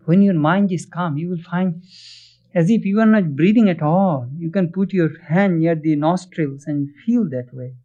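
A man with a high voice delivers a spiritual discourse, earnest and questioning, turning often to his listeners. The recording is dull and lo-fi. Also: warm tone. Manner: earnest, questions listeners, chants Sanskrit verses quickly. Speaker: spiritual teacher. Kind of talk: religious discourse.

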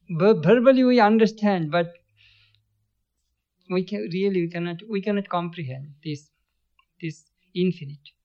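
Man giving a spiritual talk, lo-fi. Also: fairly high pitch. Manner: storytelling, chants verses, chuckles often. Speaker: spiritual teacher. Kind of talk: spiritual lecture. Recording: dull lo-fi recording.

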